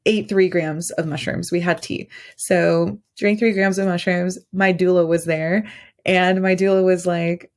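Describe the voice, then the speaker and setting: A woman's voice: fairly low pitch, creaky. A woman guest on a podcast, telling a personal story in a rambling, casual way, full of fillers and restarts.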